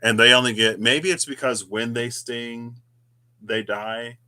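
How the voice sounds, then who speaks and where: A man's voice: mid-range voice, fairly even intonation, a little slow, pushed and bright. A man hosting a tarot reading video, musing aloud in a casual, rambling way with chatty asides. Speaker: tarot reader, channel host. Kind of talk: casual reflective monologue.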